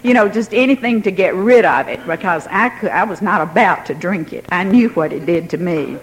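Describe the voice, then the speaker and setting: A woman's voice: lowish voice, animated, fairly quick, low-quality recording. An older woman telling a personal story in a wry, self-mocking way, laughing now and then.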